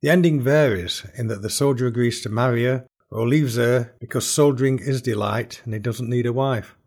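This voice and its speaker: A man hosting a podcast, reading a scripted explanation in a measured, explanatory way. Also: mid-range voice, a little mellow, breathy edge. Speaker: podcast host and folk singer.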